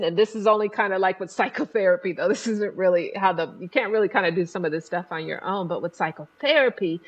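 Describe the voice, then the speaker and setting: A woman psychotherapist hosting a podcast, explaining trauma in an animated way and briefly acting out the people in her examples. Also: on the low side, muffled recording. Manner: animated, acts out voices in examples. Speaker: psychotherapist host.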